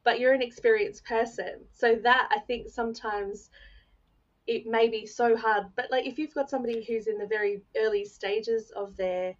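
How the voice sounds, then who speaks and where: A woman hosting a podcast, chatting in a relaxed, agreeable, rambling way. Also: on the high side, normal speed. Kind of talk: casual podcast chat. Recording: slightly muffled audio.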